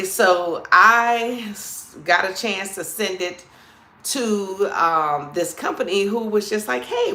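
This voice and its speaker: Her medium-pitched voice pushed and bright, a New Orleans-accented woman hosts a comedy live stream with a roomy sound. She's chatty and playful with her viewers, calling them "girl" and "child."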